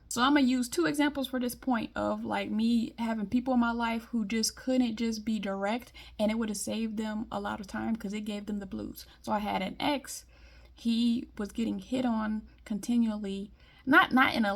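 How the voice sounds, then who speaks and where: A woman from Detroit giving a blunt, emphatic monologue in casual vlog style. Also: on the high side. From Detroit, US Midwest. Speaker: vlogger.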